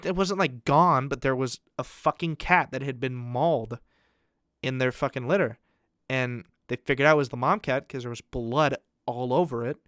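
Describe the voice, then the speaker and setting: Young male podcast co-host with a smooth, resonant voice and a dead-dry close-mic sound, a crude, rambling storyteller. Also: mid-range voice, normal speed, fairly bright tone, no echo. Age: young adult.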